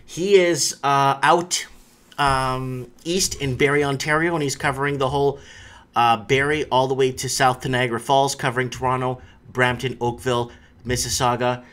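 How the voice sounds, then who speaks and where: A man's voice: mid-range voice, steady tone, normal speed, fairly bright tone. A man hosting a live stream, talking casually and rambling, with frequent restarts and fillers.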